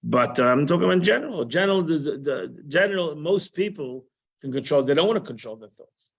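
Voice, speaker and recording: High-voiced man teaching a Torah class. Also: lively intonation, fairly quick, creaky, slightly rough. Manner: conversational, repeats phrases, sprinkles Hebrew and Yiddish terms. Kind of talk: informal religious lesson. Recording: muffled live-stream audio.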